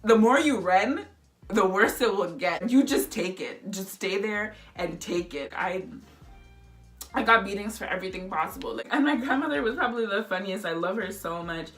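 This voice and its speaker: A woman's voice: medium pitch, animated, normal speed, fairly bright tone, faint music behind. A young woman vlogger telling a childhood story in a chatty, filler-heavy way. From Indo-Caribbean family. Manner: chatty, lots of "like" and "you know". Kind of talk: casual storytelling.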